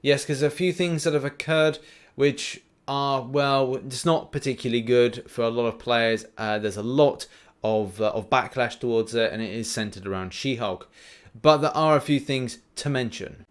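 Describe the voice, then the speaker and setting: A young man hosting a mobile game news show, talking in a chatty, animated way with plenty of fillers and restarts. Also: medium pitch, normal speed. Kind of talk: casual gaming news commentary.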